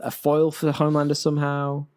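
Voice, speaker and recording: A man's voice: on the high side, completely flat delivery, fairly quick, darkish tone, smooth. Enthusiastic man co-hosting a podcast. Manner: enthusiastic, steers the conversation. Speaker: podcast co-host. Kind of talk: casual chat.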